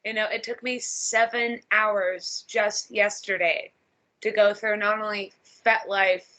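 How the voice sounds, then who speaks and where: Bright, blunt woman podcast host. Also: medium pitch, steady tone, measured pace. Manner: blunt and profane. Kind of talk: casual chat.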